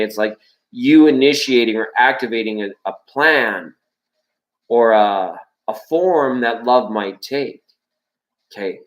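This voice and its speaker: Male tarot host, playful and rambling, mid-range voice, echoey room. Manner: rambling, playful, jokey, shifting pitch and loudness. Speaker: tarot reader and livestream host. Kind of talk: live-stream chat, tarot reading.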